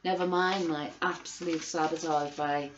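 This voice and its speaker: A woman's voice: low voice, fairly even intonation, normal speed, slight background noise. A middle-aged woman ranting angrily to camera, outraged and swearing, hammering the same phrases again and again. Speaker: vlogger. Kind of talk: angry ranting monologue. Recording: roomy, dull lo-fi recording.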